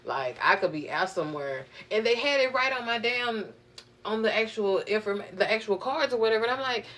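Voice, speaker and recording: A woman's voice: fairly high pitch, fairly quick, slight background noise. Profane, exasperated young woman venting. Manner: profane, animated, exasperated storytelling. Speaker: vlogger. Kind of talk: casual venting monologue.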